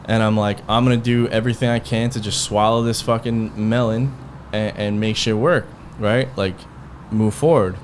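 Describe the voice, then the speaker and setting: A man's voice: fairly low pitch, fairly even intonation, moderate pace, hardly any pauses, slight background noise. Man telling a heated story on a podcast. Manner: heated, profane, rambling retelling with quoted dialogue. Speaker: podcast host. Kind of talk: casual storytelling.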